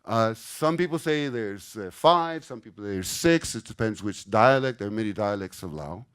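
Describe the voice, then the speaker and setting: A man's voice: on the low side, lively intonation, normal speed, a bit bright, clear, resonant tone. An older man giving a casual, explanatory lecture to a live audience in a conference room, often checking in with "okay?". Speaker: conference speaker.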